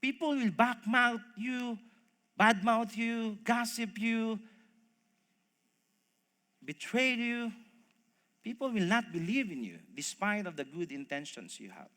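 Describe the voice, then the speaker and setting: A man preaching a sermon, telling a story with animated voices and speaking to the congregation as folks. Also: high voice, slow, long pauses. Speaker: pastor. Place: church hall. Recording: long reverb of a church hall.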